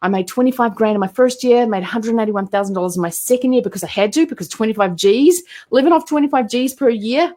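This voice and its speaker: A woman's voice: on the high side, fast talker, few pauses. Chatty New Zealand woman. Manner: chatty and animated, with many fillers and restarts. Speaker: entrepreneur guest. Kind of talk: casual interview storytelling.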